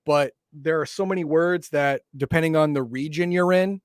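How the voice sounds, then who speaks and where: Man, casual chat, explains game lore, slightly high voice, dry close sound. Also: normal speed, no room sound. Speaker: podcast co-host.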